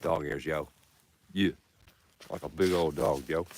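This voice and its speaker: A man's voice: a bass voice, steady tone, unhurried, noisy background. A man musing aloud to his viewers outdoors while walking with his dogs. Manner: laid-back, musing, talks to his dogs. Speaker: vlogger. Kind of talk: rambling outdoor chat.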